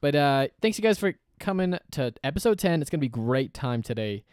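Brief: a laughing man hosting a casual podcast, slightly high voice, very bouncy delivery, close and dry. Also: sing-song, a little fast, darkish tone, clear, resonant tone, no echo. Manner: giggly, rambling, playful. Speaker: podcast co-host. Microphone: podcast mic on an arm.

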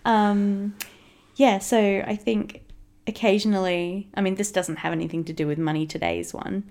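A woman co-hosts a casual podcast with her partner. She talks loosely and rambles, laughing often, with a gravelly fry in her voice. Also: medium pitch, fairly even intonation, moderate pace, darkish tone. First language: English. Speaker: podcast co-host. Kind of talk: casual couple's podcast chat.

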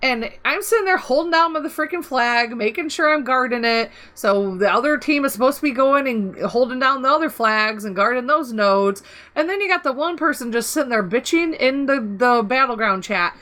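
A woman co-hosting a casual podcast, spinning stories with a bright, forward tone that sits a touch high. She laughs through her lines and swears without a second thought. Her delivery is loose and chatty. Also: moderate pace. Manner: animated storytelling, frequent laughter, swearing. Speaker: podcast co-host.

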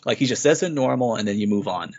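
A low-leaning male voice comes through quick and lively on a dull, lo-fi track. He's co-hosting a podcast and, in an easygoing game review chat, eagerly rambles through the game's story.

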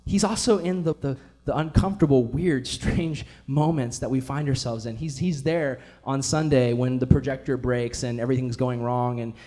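A man's voice: medium pitch, fairly even intonation, normal speed, warm tone. A man preaching a casual, enthusiastic sermon in a church, often saying "like" as he talks. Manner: casual, enthusiastic, many fillers like "like". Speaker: pastor.

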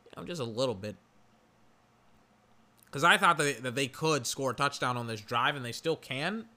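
Young male podcast host, bright tone, loose play-by-play with fillers and frustrated outbursts. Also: mid-range voice, normal speed. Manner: gets loud and frustrated at plays, rambling with fillers. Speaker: podcast host doing game commentary. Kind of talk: casual live football commentary.

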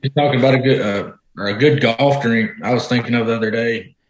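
A man's voice: medium pitch, fairly even intonation, quick pace. Folksy cursing man in a roomy echo. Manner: folksy, swearing storyteller. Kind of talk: casual chat.

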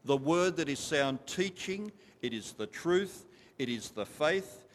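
Speaking a little slowly in a fairly high, expressive voice, a preacher delivers an emphatic, repetitive sermon and stops now and then to question his congregation. The recording carries the long reverb of a large hall.

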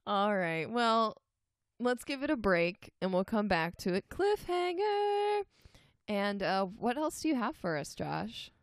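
A woman co-hosting a podcast in relaxed, chatty conversation, laughing easily. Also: medium pitch, a little slow, no echo, studio quality. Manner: chatty, giggly. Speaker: podcast co-host. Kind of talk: casual chat.

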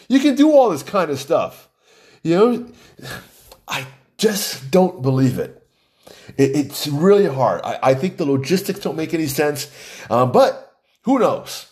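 A man's voice: a little high, very animated, measured pace, long pauses, a little mellow. A man giving opinionated news commentary in a mocking tone, laughing often as he talks.

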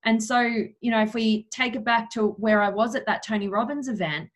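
A young woman speaking earnestly as an interview guest, her voice sitting a little on the high side. She slows down to stress key points and sprinkles in casual fillers. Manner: earnest, slows down for emphasis, many "you know" fillers. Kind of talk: personal storytelling in an interview.

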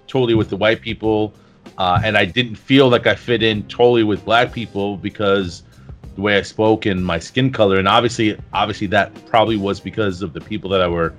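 A man's voice: lowish voice, steady tone, fairly bright tone, soft background music. A middle-aged man co-hosting a podcast, talking reflectively in casual chat with frequent restarts. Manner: reflective, halting with restarts and fillers. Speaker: podcast co-host.

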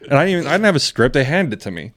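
A man's voice: a little high, very animated, rapid-fire, a bit bright. A young man co-hosting a podcast, telling long rambling stories in casual chat and laughing often. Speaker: podcast co-host.

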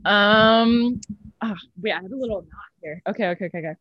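A woman's voice: medium pitch, brisk, no room sound, lo-fi sound. Chatty self-mocking nineteen-year-old woman. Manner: chatty, self-mocking, exaggerated deadpan bragging. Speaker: comedy club host. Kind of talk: casual chat and stand-up set. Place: at home on a video call. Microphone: laptop mic on a video call.

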